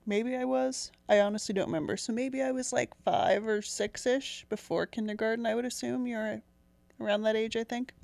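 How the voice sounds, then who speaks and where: A woman's voice: a little high, fairly even intonation, normal speed, creaky, darkish tone, dry recording. Giggly, rambling young woman storyteller. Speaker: podcast co-host. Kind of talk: casual chat, storytelling.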